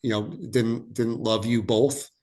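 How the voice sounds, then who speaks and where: A man's voice: mid-range voice, steady tone, takes it slowly, darkish tone. A man in his forties, a podcast guest and former player, talking in an easygoing, reflective way. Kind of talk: casual podcast chat.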